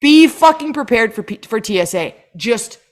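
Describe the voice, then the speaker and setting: A woman's voice: fairly high pitch, animated, normal speed. A woman co-hosting a roundtable podcast, ranting in a profane, exasperated way. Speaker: podcast co-host. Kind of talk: roundtable chat.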